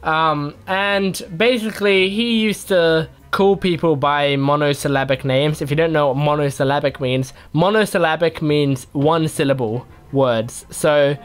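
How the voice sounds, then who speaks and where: Young man, casual Q&A chat, rambling, playful, self-mocking, slightly high voice. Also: steady tone, unhurried, few pauses, smooth. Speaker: YouTube gamer answering fan questions.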